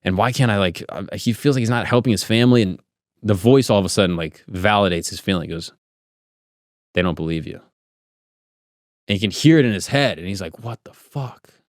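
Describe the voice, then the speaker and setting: A man's voice: fairly low pitch, fast, no echo, studio quality. A young man hosting a podcast, telling a spooky story casually with loose rambling speech, many "like" fillers and swearing. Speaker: podcast host.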